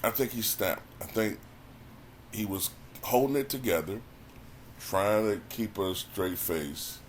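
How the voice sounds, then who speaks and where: A man with a low, deep voice talks through a casual review like he's chatting with viewers. He is conversational and often repeats words while he gathers his thoughts. A faint background hiss sits under the recording. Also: slow pace. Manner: conversational, repeats words when thinking, frequent "you know what I'm saying". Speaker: YouTube commentator reviewing a stand-up special.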